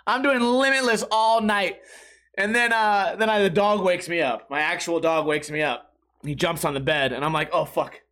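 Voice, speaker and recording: High-voiced man telling casual stories. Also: normal speed. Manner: animated, profane, acts out quotes and printer noises. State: sweating. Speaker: podcast host. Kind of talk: casual storytelling monologue.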